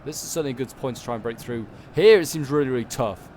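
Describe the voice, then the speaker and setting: A man's voice: mid-range voice, quick pace, a little mellow, slight background noise. A man with a Yorkshire accent giving casual, rambling gameplay commentary, full of "like" and "um" and corrections. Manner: rambling, lots of "like" and "um", self-correcting. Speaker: game channel host.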